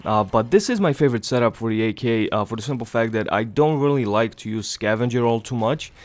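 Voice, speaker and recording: A young man with a stuffy nose from a cold, giving rambling, casual gameplay commentary in a hushed low voice so he won't wake anyone at home. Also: animated, fairly quick. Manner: hushed low voice to avoid waking others; rambling, many fillers, swears casually. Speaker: gaming channel host. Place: home, early morning.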